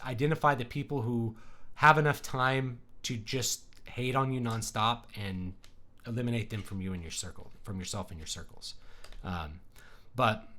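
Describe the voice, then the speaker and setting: A man's voice: mid-range voice, fairly bright tone. Chatty man hosting a livestream. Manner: rambling, conversational, many fillers. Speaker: livestream host. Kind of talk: casual livestream chat.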